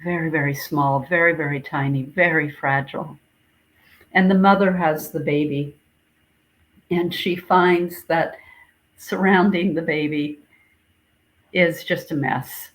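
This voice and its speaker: A woman minister giving a sermon, gently recounting a dream in a reflective, repetitive storytelling way. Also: deep voice, steady tone, low-quality recording. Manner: slow, gentle, reflective storytelling with repeated phrases.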